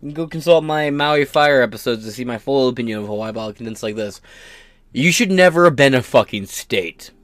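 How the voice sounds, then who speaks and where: A man's voice: medium pitch, animated, fairly quick, no echo. A man hosting his own podcast, ranting in a profane, sarcastic and combative way. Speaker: podcast host.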